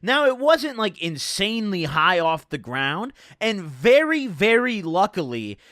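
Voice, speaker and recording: Young man, twenties, casual storytelling, profane, rambling, high voice, bright tone. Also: very animated, unhurried, no echo, clean studio sound. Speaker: streamer.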